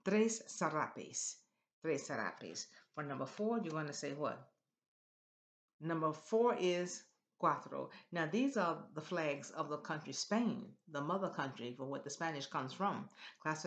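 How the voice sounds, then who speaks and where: Slow, sing-song woman teaching Spanish. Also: low voice, fairly bright tone. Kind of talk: classroom language lesson.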